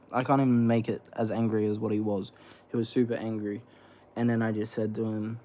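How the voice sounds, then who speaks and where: A man's voice: lowish voice, flat delivery, brisk, mellow. A young man, chatting casually in a rambling, slangy vlog while snacking, swearing freely. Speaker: vlogger. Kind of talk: casual eating vlog chat.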